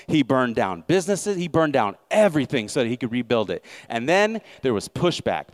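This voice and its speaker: A male pastor preaching a sermon in a conversational way, with sarcastic asides and frequent self-corrections. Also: mid-range voice.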